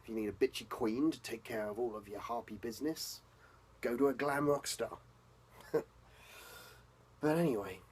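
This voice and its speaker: A man speaks a spoken role-play journal in character as a vampire, with a lowish voice. He swears freely and keeps sinking into tense, hushed whispers. A faint hum of ambience sits under his voice. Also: poor audio. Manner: intense, profane, drops to hushed whispers. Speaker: tabletop role-player.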